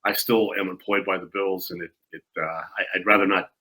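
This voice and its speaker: A male host leads the interview with long, searching questions full of hesitations. His voice is fairly low but bright and forceful. He sounds engaged with his guest. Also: fairly even intonation, fairly quick, rough recording. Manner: rambling, hesitant questions with fillers. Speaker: podcast host.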